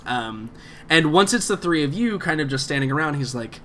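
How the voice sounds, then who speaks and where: Game master, male, bright voice; loose, rambling narration full of fillers. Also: a little high, lively intonation, normal speed, a little hiss or hum. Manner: rambling, many fillers and restarts.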